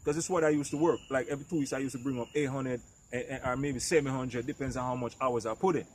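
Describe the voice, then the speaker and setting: A middle-aged vlogger with a mid-range, steady male voice talks fast, giving emphatic, preachy advice straight to camera in a rant. He keeps asking whether the listener understands, and often stumbles and repeats words. A little hiss or hum is audible.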